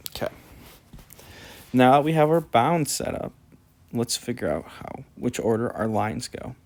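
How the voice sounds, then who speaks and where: A man's voice: medium pitch, lively intonation, a little slow, a little mellow. A man teaching calculus in a casual way, talking through each step as he writes, sleepy and yawning. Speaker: math teacher. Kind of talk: screen-recorded math lesson.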